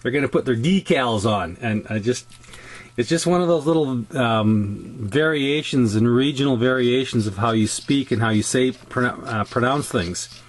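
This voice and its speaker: A Canadian man explains model-tank weathering in a loose, chatty way. He wanders off topic easily and keeps restarting his thoughts with plenty of ums. His pitch sits in the ordinary middle range for a man. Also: normal speed. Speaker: scale model builder. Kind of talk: casual hobby tutorial.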